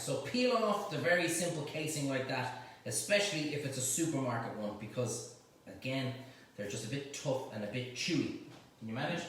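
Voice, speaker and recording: A man's voice: medium pitch, animated, fairly quick. Chatty Irish man cooking in an echoey kitchen. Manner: chatty, teasing banter with helpers. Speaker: cooking show host. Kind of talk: live cooking demonstration. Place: home kitchen. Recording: echoey kitchen, mic at a distance, faint noise.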